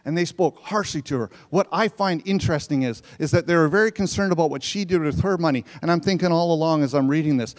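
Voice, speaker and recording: A man's voice: on the high side, quick pace, hardly any pauses. A man preaching a sermon in a church sanctuary, reading verses and explaining them in a conversational way. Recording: long reverb of a church hall.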